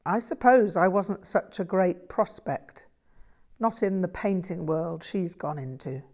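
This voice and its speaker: A woman's voice: fairly low pitch, unhurried, darkish tone. A woman reading a modest young Englishman. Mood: reflective.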